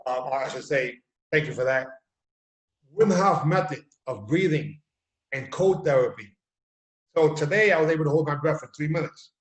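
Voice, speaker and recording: A man with a fairly high voice tells stories with energy and acts out what people say. He talks in a room with a lot of echo. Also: normal speed, long pauses. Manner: animated storyteller, acts out quotes. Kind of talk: casual video chat. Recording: echoey room.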